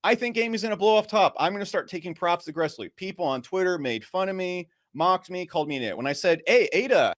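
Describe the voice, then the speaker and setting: A man in a played clip giving casual crypto commentary, defensive and rapid-fire. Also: high voice, lively intonation, fairly bright tone.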